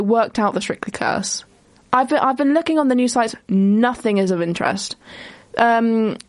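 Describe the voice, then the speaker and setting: A young woman talks through her own solo podcast in a loose, rambling way. She keeps cutting herself off and breaking into quick asides. Her voice sits a little high, and the sound is close and dry. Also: dry recording. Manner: chatty and rambling, quick asides, self-interrupting. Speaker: podcast host. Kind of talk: casual solo commentary.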